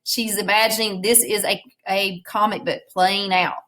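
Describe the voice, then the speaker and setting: A woman's voice: medium pitch, fairly even intonation, normal speed, few pauses, a bit bright, low-quality recording. Patient woman teacher reading aloud. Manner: patient, explains words and prompts students. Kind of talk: reading a storybook aloud for a recorded class lesson.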